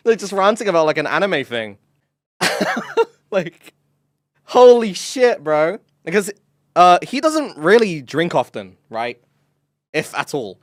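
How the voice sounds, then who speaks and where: Slightly high-voiced guy rambling on stream, lots of likes and bros, dry close mic. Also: a little slow, long pauses, dry recording. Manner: excitable, swears, lots of fillers and laughs. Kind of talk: casual stream chat.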